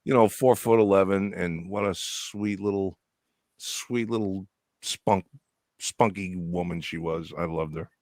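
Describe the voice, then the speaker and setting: A man's voice: low-pitched, measured pace, darkish tone, no room sound, clean studio sound. A man co-hosting a casual livestream chat, joking and crude in a laid-back way.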